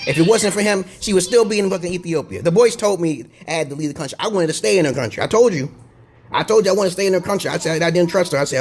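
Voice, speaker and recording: High-voiced man in a profane rambling rant. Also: expressive, racing, slight background noise. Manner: profane, rambling, digressive monologue; repeats himself and checks in with "okay?". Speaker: video blogger. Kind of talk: casual vlog rant to camera.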